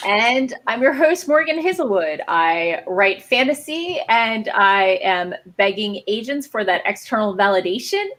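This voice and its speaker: A woman's voice: medium pitch, unhurried, few pauses. A woman hosting a casual writers' livestream, chatty and joking. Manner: chatty, joking, animated quoting. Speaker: livestream host. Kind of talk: casual chat.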